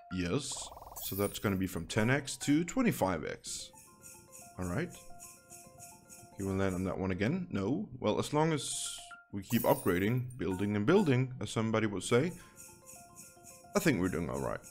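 Guy with a lowish voice chatting through a slot game, wry little jokes, faint music behind. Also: very animated, normal speed. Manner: chatty, wry asides, thinks aloud while playing. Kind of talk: casual gameplay commentary.

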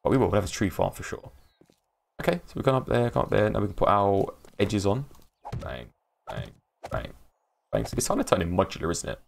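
Low gravelly English man streaming. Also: sing-song, brisk, pauses often, slight background noise. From England. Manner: rambling, laughs often, greets chat by name. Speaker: livestream host. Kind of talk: casual live-stream chat while gaming.

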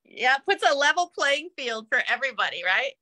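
A woman's voice: high voice, big pitch swings, a little fast. A woman senior leader on a panel, chatty and self-deprecating, often tagging "right?". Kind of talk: casual chat.

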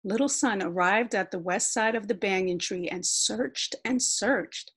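A woman reads a children's picture book aloud, gentle and expressive. Her pace is slow and her voice has a soft, breathy quality. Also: medium pitch. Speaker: storyteller.

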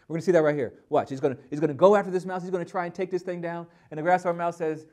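Emphatic high-voiced male preacher. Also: very fast, hardly any pauses. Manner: energetic, emphatic, repeats words when starting phrases. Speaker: pastor teaching a Bible lesson. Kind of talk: sermon.

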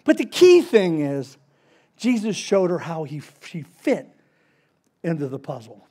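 A man preaching a casual, story-driven sermon, acting out the characters in quick voices. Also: on the high side, very animated, a little mellow. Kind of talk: conversational sermon.

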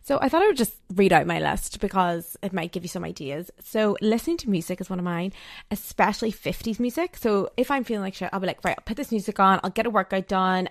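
A woman's voice: medium pitch, no room sound, clean studio sound. Chatty young woman podcasting. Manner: chatty, frequent "like" fillers, acts out quoted dialogue. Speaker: podcast host. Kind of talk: casual solo podcast monologue.

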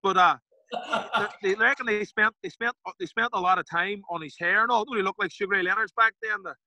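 A man with a Derry Northern Irish accent, a podcast guest telling stories in a casual, animated way, acting out other people's lines and swearing freely. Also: high voice, fast, dry recording, rough recording. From Northern Ireland. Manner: animated, acts out quoted voices, swears casually. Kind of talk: casual storytelling interview.

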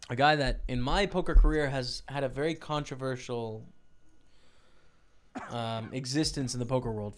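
Male poker YouTuber, smooth voice, chatty and rambling, mid-pitched, talks straight to viewers. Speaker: poker YouTuber commenting over a broadcast. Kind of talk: casual chat over poker footage.

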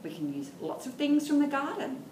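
A woman's voice: high-pitched, very animated, a little fast, recorded from a distance. Sing-song Australian woman leading toddler rhymes. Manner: sing-song, encouraging, talking to small children. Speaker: children's librarian. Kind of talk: toddler storytime with rhymes and songs. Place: library room. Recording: echoey room, faint background hum.

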